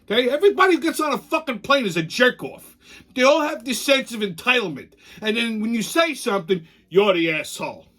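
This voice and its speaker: A man's voice: extremely high pitch, expressive, fairly quick, sharp tone. A man hosting a show, delivering an angry, profane ranting commentary. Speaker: show host.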